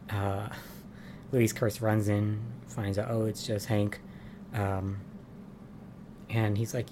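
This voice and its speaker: A man's voice: lowish voice, level tone, takes it slowly, long pauses, darkish tone, a little hiss or hum. A man giving a casual, chatty recap of soap opera episodes, with lots of "um" and "like" and amused asides.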